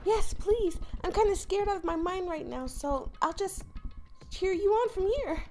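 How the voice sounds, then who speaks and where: A woman voicing a bubbly, excitable teenage schoolgirl in a video game playthrough, with an eager, breathless squeak. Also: moderate pace, soft background music. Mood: nervous cheerful.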